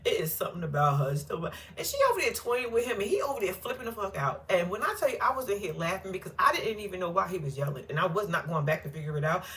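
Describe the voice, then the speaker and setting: A woman giving casual reaction commentary on a reality TV episode. Her pitch swings widely as she talks, and her tone is bright and forceful. She is blunt and profane, with frequent laughter. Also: expressive, quick pace, hardly any pauses. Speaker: reality TV recap host.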